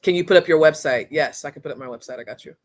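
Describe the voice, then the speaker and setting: A woman hosting a casual live-streamed training, talking straight to viewers in a chatty, energetic, slangy way through a computer mic. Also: deep voice, racing. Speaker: course instructor and livestream host.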